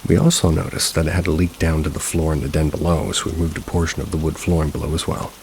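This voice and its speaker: A man narrating a first-person paranormal story in a steady, low-key manner. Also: fast talker, vocal fry, slight background noise, rough recording. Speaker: narrator of submitted paranormal stories.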